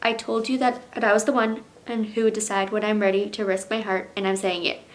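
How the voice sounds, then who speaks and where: A woman's voice: medium pitch, little pitch movement, brisk, lightly acted. A woman reading as an earnest young rider. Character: determined young woman dragon rider pleading for love.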